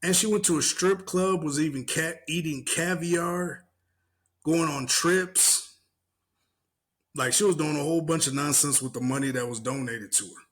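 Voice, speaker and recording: Young guy on a podcast, kinda high voice, cussing and laughing while he tells a story. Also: moderate pace. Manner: animated retelling with mimicked voices, cursing, laughing. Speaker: podcast co-host. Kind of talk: casual chat.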